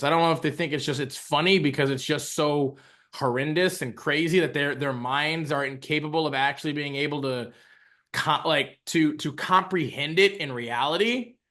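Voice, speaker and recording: A man's voice: a little high, bright, forceful tone. A man co-hosting a podcast, ranting casually and profanely, with lots of restarts, as he reacts to a story. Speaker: podcast co-host.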